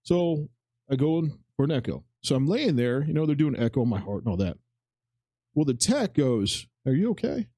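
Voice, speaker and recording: In his forties, this podcast co-host uses a medium-pitched, dark-toned voice at a moderate pace, recorded dry. He rambles through a personal tale in casual conversation, performing the quotes of those involved and swearing now and then.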